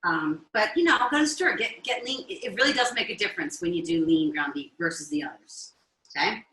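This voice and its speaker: A woman's voice: lowish voice, animated, brisk, pushed and bright, roomy sound, low-quality recording. Chatty Italian-American woman cooking live. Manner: chatty, checks in with viewers often. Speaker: cooking show host. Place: home kitchen.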